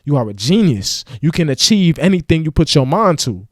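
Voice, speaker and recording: A man's voice: on the high side, big pitch swings, a little fast, no room sound, studio quality. A man giving a casual motivational rant to camera, slangy and preachy, now and then acting out mocking voices. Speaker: motivational vlogger.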